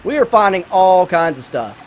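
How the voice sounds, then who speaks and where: A man's voice: sits high, big pitch swings, moderate pace, faint music behind. A man hosting a gaming channel, giving rambling, enthusiastic let's-play commentary full of fillers while he reviews a film.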